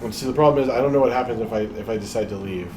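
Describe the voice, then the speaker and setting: A man's voice: medium pitch, very fast, darkish tone, a little hiss or hum, rough recording. A man playing a video game and chatting casually, breaking into frustrated, profane outbursts. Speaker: let's play co-host playing the game. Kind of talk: casual gameplay chat. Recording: game music playing underneath. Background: game music.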